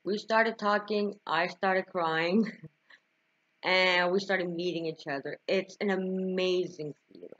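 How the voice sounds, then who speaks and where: A woman's voice: on the low side, fairly even intonation, takes it slowly, a bit bright, highs cut off. A young woman vlogging to camera, telling a personal story with emotion, laughing and sighing at times. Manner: emotional, tearful at times, frequent laughs and sighs.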